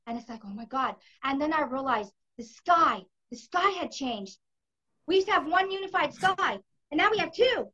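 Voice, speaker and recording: A woman's voice: high voice, lively intonation, normal speed, pushed and bright. A woman in her fifties hosting a talk, telling her own story vividly and with emphasis. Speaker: host. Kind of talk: casual storytelling in a conversation. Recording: dull lo-fi recording.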